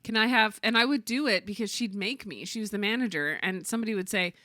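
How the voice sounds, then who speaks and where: A woman co-hosting a podcast, telling stories in a casual, animated way. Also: mid-range voice, fast, no room sound, studio quality. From Canada. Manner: chatty, animated storytelling with playful mock voices. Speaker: podcast co-host. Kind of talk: casual chat.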